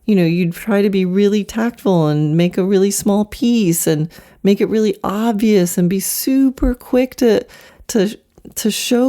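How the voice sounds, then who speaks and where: A middle-aged woman hosting a solo podcast about horse training, chatty and animated. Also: medium pitch. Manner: chatty, animated, slips into quick mock demos.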